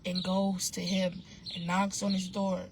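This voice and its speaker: A woman with a somewhat low voice tells a story in a loose, slangy vlog style, often circling back and restarting her sentences. The recording is noisy, with birds chirping clearly behind her. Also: completely flat delivery, measured pace. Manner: rambling and slangy, with frequent restarts and fillers. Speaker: vlogger. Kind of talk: casual storytime monologue.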